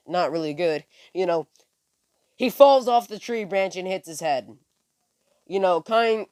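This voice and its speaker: A man's voice: on the high side, clear, resonant tone, no room sound. A man casually retelling a fan story, rambling with many fillers and self-corrections, recorded on a phone. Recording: dry close phone recording.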